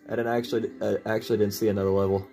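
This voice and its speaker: A man's voice: fairly low pitch, level tone, racing, mellow, faint music behind. A man giving playful, joking commentary while playing a video game. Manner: playful, jokey, talks to himself while playing. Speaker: gameplay commentator. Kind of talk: let's play commentary.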